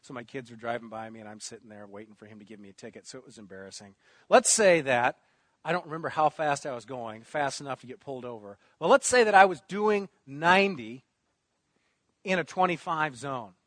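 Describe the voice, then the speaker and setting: Animated man preaching. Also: brisk, no room sound. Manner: animated preaching, booming emphasis on quoted words, drops to quiet asides. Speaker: pastor. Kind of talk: sermon.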